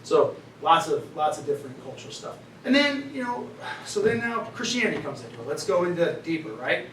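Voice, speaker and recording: A middle-aged man giving an animated storytelling talk to students in a lecture room, with frequent "right?" asides. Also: fairly high pitch, brisk. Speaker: guest speaker. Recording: roomy, distant mic, faint noise.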